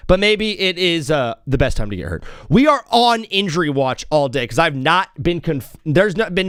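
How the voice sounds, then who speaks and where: Male sports show host, high and lively voice, excitable rambling delivery, dry close sound. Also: clean tone, no echo. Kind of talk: casual live sports talk.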